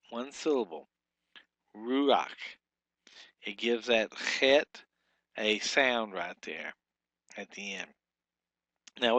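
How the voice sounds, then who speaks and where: A man teaching a recorded language lesson, stepping slowly through examples and repeating words to sound them out. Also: medium pitch, fairly bright tone, dry recording.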